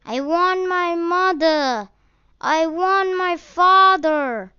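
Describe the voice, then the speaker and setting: A woman reading a story aloud and voicing a small lost boy who calls high and loud for his mother and father. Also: very slow, dry recording, lo-fi sound, full character voice. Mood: sobbing. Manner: high pleading cries. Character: frightened little boy lost at a fair.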